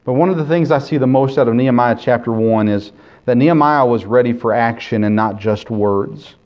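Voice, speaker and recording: A man in the pulpit delivers an earnest sermon, pushing hard on key phrases and then dropping to quiet, personal asides. His voice sits at an ordinary middle pitch. The recording is dull and lo-fi, with the top end rolled off. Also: fairly quick. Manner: earnest preaching that swings between loud emphasis and quiet, intimate asides. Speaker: pastor.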